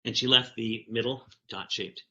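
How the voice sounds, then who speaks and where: A man giving a storytelling keynote talk, animated as he reads from a picture book to the audience. His voice is very bright and forward, at a middle pitch. The recording sounds slightly dull and lo-fi. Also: normal speed. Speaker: keynote speaker.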